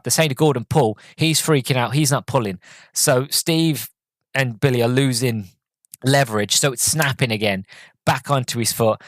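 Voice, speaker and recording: A man hosts a podcast, talking through a horror film in a loose, rambling way full of "um" and "you know". His voice sits at an ordinary middle pitch. The sound is dry and close, with no room around it. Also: no echo. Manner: rambling, chatty, many fillers and restarts. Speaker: podcast host. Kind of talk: casual movie review.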